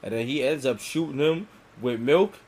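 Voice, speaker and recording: A man, talking casually on a podcast. He walks through cartoon scenes at an easy pace, swearing freely and staying relaxed. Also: medium pitch, moderate pace, slight background noise. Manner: laid-back, profane, retells scenes in detail. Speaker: podcast co-host. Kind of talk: casual chat reviewing a cartoon.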